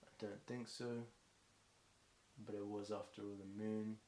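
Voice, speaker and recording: With a warm, lowish voice that stays level and a little slow, a British man improvises a long stream of freestyle rhymes. He rambles off the cuff, using lots of ums. The recording sounds echoey with faint hiss.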